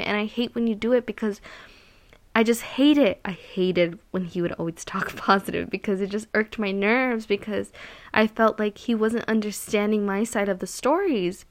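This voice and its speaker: A woman's voice: mid-range voice, normal speed. Rambling woman telling a personal story. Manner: rambling, heavy use of "like" and "um"; candid and emphatic, repeats words for stress. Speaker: solo podcaster or vlogger.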